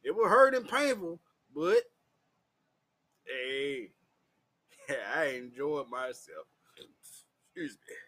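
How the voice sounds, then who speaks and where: Man, unfiltered vlogger; fairly high voice that swoops wildly, unhurried delivery, salty and theatrical. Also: big pitch swings, creaky, bright, forceful tone. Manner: profane, laughing, theatrical. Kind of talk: raw confessional storytelling.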